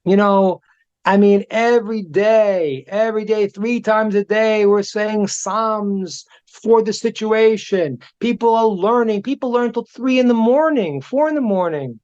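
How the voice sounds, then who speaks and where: A man, a rabbi teaching a class, telling stories in an animated way and often repeating words as he restarts. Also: high voice, unhurried. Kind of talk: storytelling lesson. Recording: dull lo-fi recording.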